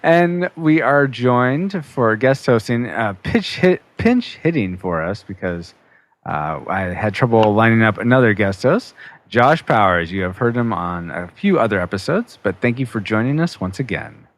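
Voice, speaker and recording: A man's voice: mid-range voice, animated, normal speed. A man hosting a casual podcast, joking and laughing with his co-hosts. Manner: laughing, playful teasing. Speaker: podcast host.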